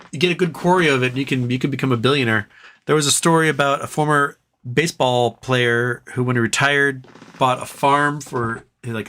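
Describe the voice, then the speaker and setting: A livestream host with a mid-range, slightly bright voice chats casually on his stream. He rambles from topic to topic and reads the chat aloud as his voice grows tired.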